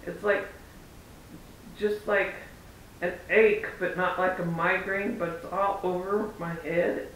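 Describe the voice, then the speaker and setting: Man, rambling casual vlog chat, bright edgy tone, far from the mic. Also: flat delivery, takes it slowly. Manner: chatty, rambling, acts out quoted exchanges. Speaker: parent vlogger. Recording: roomy echo, far from mic, faint rumble.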